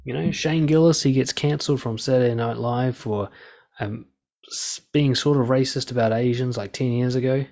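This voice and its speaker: A man's voice: medium pitch, fairly even intonation, normal speed, gravelly, a little mellow, dull audio. A man giving a blunt, profane monologue of casual commentary, talking through his opinions.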